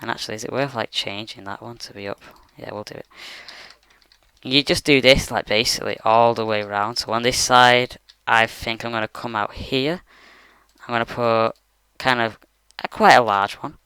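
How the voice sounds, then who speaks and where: A man's voice: mid-range voice, steady tone, normal speed, bright, forceful tone, clear, resonant tone, no room sound. A man talking through a game tutorial from his bedroom computer, rambling casually with lots of fillers. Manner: rambling, many fillers like "you know" and "like". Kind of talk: casual screen-recorded tutorial.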